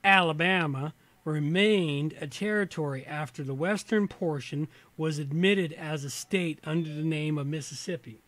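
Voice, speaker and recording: Reading from an old reference book on his casual livestream, a slightly tipsy male host keeps trailing off into muttered, meandering asides between passages. His voice is a little high and a bit bright, at a moderate pace, recorded dry.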